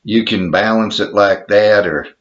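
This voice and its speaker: Man, Texan accent, deep voice, unhurried, meandering home vlog, muffled lo-fi sound. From Texas. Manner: easygoing, self-deprecating, meandering. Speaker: home video maker. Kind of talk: casual show-and-tell vlog. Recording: dull lo-fi home recording.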